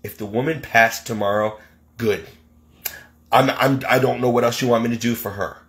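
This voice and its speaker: A man's voice: mid-range voice, fairly even intonation, normal speed, a bit bright. A man venting as a caregiver in an indignant, exasperated monologue. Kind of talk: ranting monologue.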